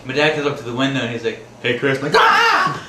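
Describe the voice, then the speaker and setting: A man's voice: medium pitch, steady tone, rapid-fire, a bit bright. A man casually telling funny and scary stories from his life, rambling and laughing as he goes, acting out the screams. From Wisconsin, USA. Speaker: storyteller. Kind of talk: casual personal storytelling. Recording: echoey room with faint background noise.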